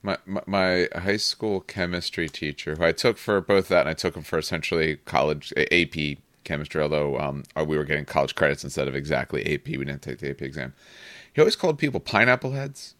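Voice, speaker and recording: Deep-voiced man explaining, dry sound. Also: flat delivery, a bit bright, no room sound. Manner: explanatory, measured, teacherly. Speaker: podcast co-host. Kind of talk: casual chat.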